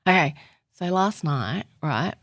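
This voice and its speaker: Low-voiced woman, animated storyteller. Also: slow pace, no echo, studio quality. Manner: animated storyteller, laughs often, acts out quotes. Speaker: guest. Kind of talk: candid podcast conversation.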